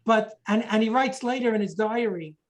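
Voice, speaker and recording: A woman's voice: fairly high pitch, moderate pace, low-quality recording. A woman giving a history lecture, explaining points and reading quotations aloud, sometimes correcting herself mid-sentence.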